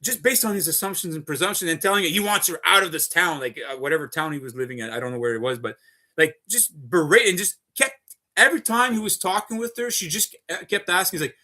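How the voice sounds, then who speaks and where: A man's voice: a little high, animated, a little fast, bright, forceful tone. A man on a live stream, delivering an unscripted, rambling rant full of swearing, who keeps repeating himself and calling his viewers folks. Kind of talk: unscripted ranting monologue.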